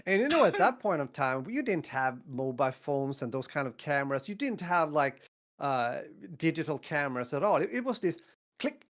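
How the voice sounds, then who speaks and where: A man in his fifties from northern Sweden with a Swedish accent, telling stories in a casual podcast chat, acting out quotes and laughing often. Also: normal speed. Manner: animated, acts out quotes with big pitch jumps, laughs often. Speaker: podcast co-host.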